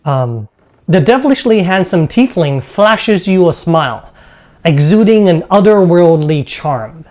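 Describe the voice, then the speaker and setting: A woman narrating a tabletop game as game master, reading scene descriptions with a steady pace and brief asides to players. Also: lowish voice, measured pace.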